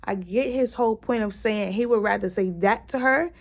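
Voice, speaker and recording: A woman chatting casually in a book review, retelling scenes excitedly with lots of "like"s and restarts, and cursing bluntly. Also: mid-range voice, moderate pace. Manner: blunt, curses freely.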